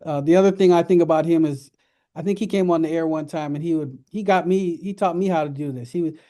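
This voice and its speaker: Earnest radio host, high voice. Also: male voice, quick pace. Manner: earnest, reverent, then lively and laughing. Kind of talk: casual radio talk. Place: radio studio.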